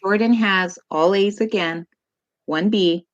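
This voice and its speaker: A woman in her forties, a mother talking as a guest in a casual interview, telling family stories in an animated way with laughs. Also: medium pitch, slow pace, highs cut off. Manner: warm, animated storytelling with laughs.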